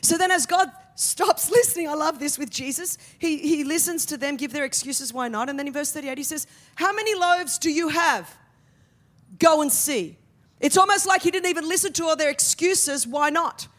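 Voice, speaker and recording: A middle-aged woman preaching a sermon with humor, building to loud, emphatic peaks. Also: high-pitched, brisk, few pauses.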